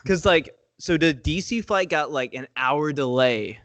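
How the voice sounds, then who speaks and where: A man's voice: a little high, a little slow, fairly bright tone, dry recording. A young man co-hosting a podcast in casual chat, slangy and swearing often, calling his friend dude and bro. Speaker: podcast co-host.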